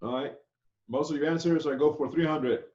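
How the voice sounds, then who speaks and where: A man's voice: a little high, steady tone, brisk, darkish tone. A man with a slightly raised voice teaches a cooking class over a video call. He talks loosely and keeps checking in with his students. The sound is roomy and a little dull. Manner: chatty, loose, keeps asking "okay?". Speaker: culinary chef instructor. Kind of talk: casual online class lecture.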